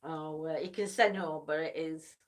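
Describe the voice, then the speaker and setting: This livestream host is a woman whose voice sits low, steady and at normal speed. She chats casually and teases, laughing often, though she sounds tired and keeps yawning.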